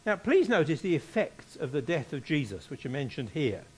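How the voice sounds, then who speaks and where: A man's voice: on the high side, very animated, moderate pace, slightly rough. A man preaching a sermon, reading scripture aloud and repeating key phrases for emphasis.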